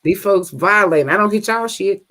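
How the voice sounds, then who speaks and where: A woman's voice: mid-range voice, normal speed, a bit bright. A woman co-hosting a podcast in casual chat, blunt and emphatic, repeating her points. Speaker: podcast co-host.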